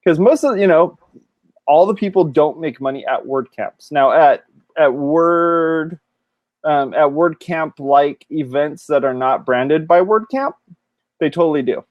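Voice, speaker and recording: Middle-aged male co-host, lively and talkative, dry webcam sound. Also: on the high side, a little slow, no room sound, lo-fi sound. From California. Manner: chatty, animated, laughs often. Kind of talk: casual chat on a video call. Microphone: video call.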